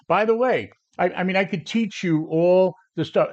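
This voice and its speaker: A man's voice: high voice, brisk, hardly any pauses, muffled recording. A man in his seventies coaching traders on a live stream, brash and combative, answering viewers directly. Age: 70s. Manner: brash, combative, talks back to chat. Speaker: trading coach. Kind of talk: live stream trading talk.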